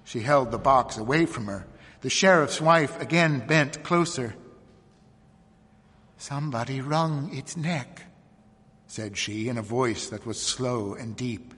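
A man's voice: medium pitch, a little slow, fairly bright tone, breathy edge. Man reading a story aloud, echoey. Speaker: narrator.

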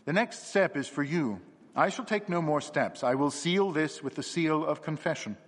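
A man voicing a gentle, perceptive little priest who speaks gravely and calmly. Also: fairly high pitch, normal speed, voice pushed up. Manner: grave, quiet and calm. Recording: long hall reverb.

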